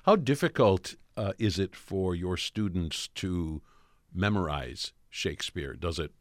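A man interviewing a guest, asking measured, thoughtful questions. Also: sits low, no echo.

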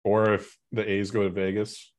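A man's voice: on the low side, completely flat delivery, normal speed. A man in a casual sports chat, opinionated and rambling, with frequent restarts.

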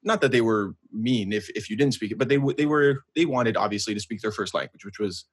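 A man's voice: lowish voice, brisk, breathy edge. A young Canadian man co-hosting a podcast, telling jokey, rambling stories in casual chat. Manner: chatty, jokey, rambling storyteller. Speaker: podcast co-host.

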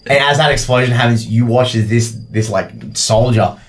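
A man running a tabletop game as game master, talking casually and laughing often. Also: medium pitch. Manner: casual, laughing, quick bursts of excitement.

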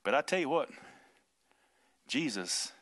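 A male pastor preaching in a loose, conversational style. His voice is bright and forward, and his delivery is folksy and emphatic. He chuckles between points. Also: medium pitch, very animated, unhurried. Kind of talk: informal preaching on a podcast.

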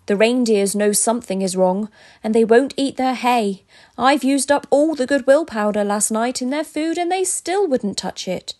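A woman's voice: a little high, moderate pace, darkish tone, lightly acted. A woman voicing a worn-out, despairing old Father Christmas in a storybook tale. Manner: wailing, mournful.

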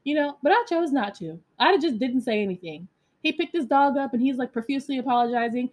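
A woman podcast host telling a story in a casual monologue, animated and blunt, with many fillers and some profanity. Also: high-pitched, fast.

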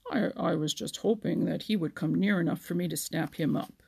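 A woman reading a storybook aloud, voicing a mild, wise old male frog who speaks gently and stumbles on a word now and then. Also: lowish voice, vocal fry, husky, heavily acted. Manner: mild, unhurried, stammering.

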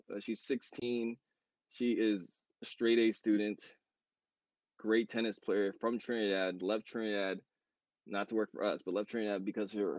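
A man in casual podcast chat about his brand, rambling with many fillers and quick self-corrections. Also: on the low side, darkish tone, no echo, dull audio. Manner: talks fast. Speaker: co-founder of a clothing brand.

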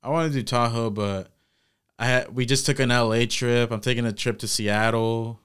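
A man's voice: mid-range voice, steady tone, moderate pace, a bit bright, smooth. A man in his twenties co-hosting a podcast, swearing and laughing often in casual chat. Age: 20s. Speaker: podcast co-host.

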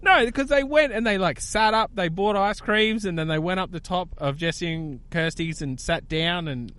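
Chatty Australian man, high voice, dry sound. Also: moderate pace, clean tone, no echo. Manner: animated, joking, full of fillers. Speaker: podcast co-host. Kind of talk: casual banter.

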